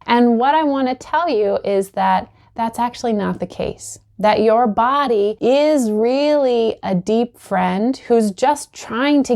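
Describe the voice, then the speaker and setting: A woman practitioner giving calm, encouraging advice straight to the viewer. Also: on the high side, gravelly. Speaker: acupuncture practitioner and healing coach. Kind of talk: direct-to-camera advice talk.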